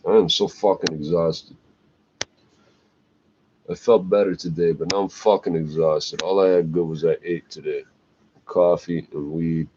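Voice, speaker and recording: A man's voice: low-pitched, steady tone, measured pace, pauses often, darkish tone. A man, going on an agitated, profane, rambling rant. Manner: agitated, swearing, trailing "eh?". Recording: dull lo-fi recording, faint noise.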